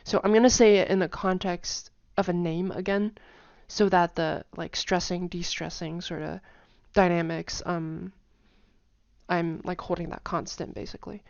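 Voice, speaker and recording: A woman's voice: lowish voice, steady tone, normal speed, vocal fry, darkish tone, no room sound, dull audio. Chatty woman explaining tones, dry sound. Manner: chatty, many fillers, hums and sings tone patterns. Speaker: language teacher. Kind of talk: casual explanatory lesson.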